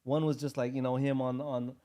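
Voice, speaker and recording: A man in his fifties chatting as a guest in a relaxed interview. He rambles easily and fills his sentences with "like," "um" and "you know." His voice sits at an everyday middle pitch. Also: a little fast. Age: 50s. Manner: laid-back, rambling, lots of fillers. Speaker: guest artist. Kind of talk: casual interview chat.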